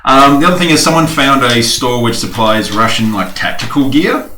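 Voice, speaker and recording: Man, player, relaxed, informative, echoey room, clear background noise. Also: mid-range voice, moderate pace. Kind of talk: casual podcast chat.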